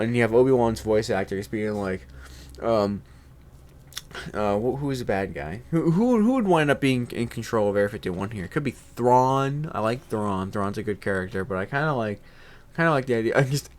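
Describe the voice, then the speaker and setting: Casual male host, rambling and filler-heavy, joking, mid pitch. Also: a little mellow. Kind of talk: casual chat.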